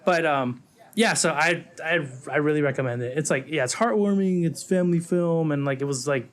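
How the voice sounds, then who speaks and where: A man with a slightly high voice talks fairly fast as a podcast co-host, casually reviewing movies. He rambles, fills his speech with "like" and "um," and acts out quotes.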